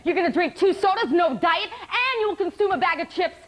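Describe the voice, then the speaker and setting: A barking drill-sergeant orderly shouting commands at a line of patients, as a woman puts him on. The voice sits high and pushy, with a stage mic catching each bark. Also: lively intonation, fairly quick. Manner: loud barked orders. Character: barking male drill-sergeant psych tech. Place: theater stage.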